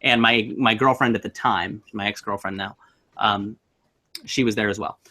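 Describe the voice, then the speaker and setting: Young guy telling a creepy story, bright punchy voice, does little voices. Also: fairly low pitch, moderate pace. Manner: animated, acts out voices in his story. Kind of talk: casual storytelling on a stream.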